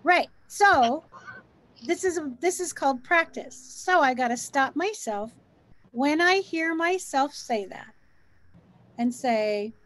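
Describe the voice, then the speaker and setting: High-voiced woman coaching warmly. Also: lively intonation, slow. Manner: encouraging, coaching tone. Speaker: co-host. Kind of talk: casual spiritual chat.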